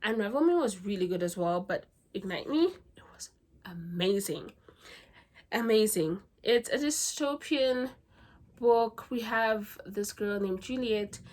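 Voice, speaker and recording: A woman's voice: mid-range voice, lively intonation, measured pace. A woman, a book vlogger, chatting casually and gushingly about her favorite romance novels, with many fillers. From South Africa. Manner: gushing, chatty, lots of "like" and "legit". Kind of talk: casual book review vlog.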